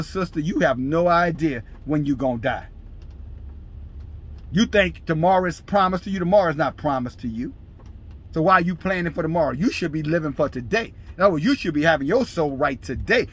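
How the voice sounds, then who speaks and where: Male preacher, fiery scolding sermon, raised husky voice. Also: a little high. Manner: scolding, preaching in bursts, shouting scripture. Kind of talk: fiery street-style sermon.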